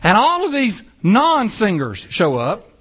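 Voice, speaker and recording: A man preaching a sermon in an animated, joking way, acting out little quoted lines. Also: sits high, a little slow, husky. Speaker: pastor.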